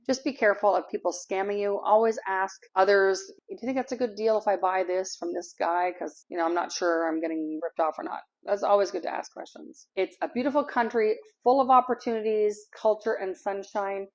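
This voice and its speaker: A middle-aged Canadian expat vlogger chats casually to the camera, rambling a bit and laughing easily. Her voice is mid-range and a little mellow.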